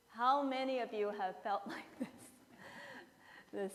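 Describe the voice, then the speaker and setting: A woman in her fifties preaches in a fairly high voice at an unhurried pace. She tells a story and acts out its people with playful asides. Her voice rings with the long reverb of a church sanctuary. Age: 50s. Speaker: pastor. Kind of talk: sermon.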